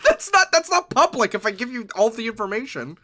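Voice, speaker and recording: A man's voice: very high voice, very animated, fairly quick, pushed and bright. A young man from New York, co-hosting a podcast in rambling, joking casual chat and laughing often. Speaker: podcast co-host.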